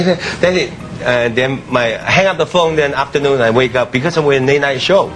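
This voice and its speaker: A man chatting as a talk show guest, telling a story in halting, laughing bursts with many restarts. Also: medium pitch, noisy background. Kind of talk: casual talk show chat.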